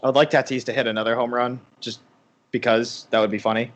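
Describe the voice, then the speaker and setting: A man's voice: mid-range voice, little pitch movement, quick pace, muffled recording. A young man co-hosting a baseball watch party, rambling through a casual anecdote with lots of fillers. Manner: rambling storyteller, many fillers.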